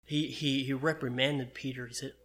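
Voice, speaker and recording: A man's voice: medium pitch, flat delivery, moderate pace, fairly bright tone. A man preaching a sermon in an earnest, conversational way, reading and explaining scripture.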